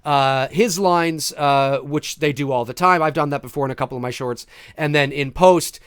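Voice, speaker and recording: A man's voice: on the high side, normal speed, a bit bright, clear, resonant tone, no echo, clean studio sound. A man hosting a casual podcast chat, rambling with many restarts and fillers. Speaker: podcast host.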